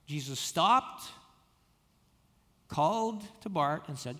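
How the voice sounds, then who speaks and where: A man preaching a sermon, telling stories with frequent restarts and stammered repeats, dropping soft when quoting. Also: a little high, animated, slow pace, long pauses, big-room sound. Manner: storytelling, many restarts and stammered repeats, drops soft for quoted words. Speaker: pastor.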